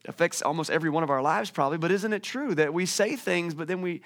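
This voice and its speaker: High-voiced man preaching a lively sermon. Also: quick pace. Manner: lively storytelling with frequent restarts. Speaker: pastor. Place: church stage with a screen behind him.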